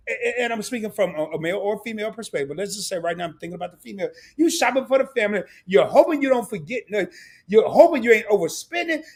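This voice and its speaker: A middle-aged man hosting a casual live stream, talking to his chat in an animated way, laughing a lot and repeating words. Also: very high-pitched.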